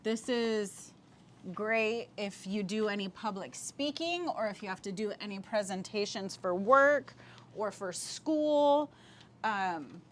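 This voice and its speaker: A woman teaching a language class, speaking patiently and repeating words slowly for learners, with easy laughs. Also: mid-range voice, slight background noise. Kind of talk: online language lesson.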